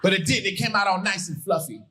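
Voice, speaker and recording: A middle-aged man from Hawaii performing animated stand-up on a comedy stage, shouting his punchlines. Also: sits high, quick pace, background noise. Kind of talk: stand-up routine. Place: comedy stage before a live audience. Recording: live show with loud crowd.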